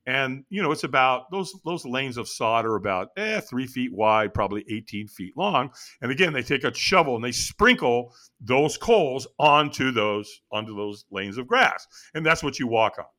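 A man tells a personal story as an interview guest, building it up dramatically. His voice is bright and swings widely in pitch. He draws the listener along through each turn of the story. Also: moderate pace, few pauses. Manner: animated, dramatic retelling.

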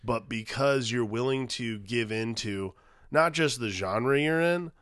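A man's voice: mid-range voice, unhurried, fairly bright tone, no room sound, clean studio sound. A man co-hosting a movie podcast, talking casually and emphatically, repeating himself and swearing as he argues his point. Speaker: podcast co-host. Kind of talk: casual movie-review chat.

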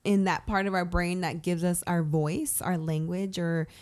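A woman's voice: lowish voice, steady tone, normal speed, a little mellow. A woman co-hosting a morning radio show, teasing and reflective in casual banter. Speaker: radio co-host.

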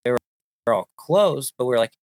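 A man hosting a casual conversation, relaxed as he tells a story. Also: medium pitch, normal speed, no room sound. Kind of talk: casual chat.

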